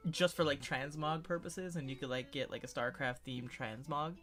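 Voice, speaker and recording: A man's voice: mid-range voice, fairly even intonation, normal speed, a bit bright, faint music behind. A man co-hosting a casual gaming podcast, joking in a dry, mock-boastful way with lots of fillers. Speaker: podcast co-host.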